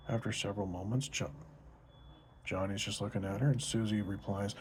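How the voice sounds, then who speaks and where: A man narrating a joke story in a casual, deadpan storytelling way. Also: fairly low pitch, a little fast, slight background noise. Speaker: joke teller.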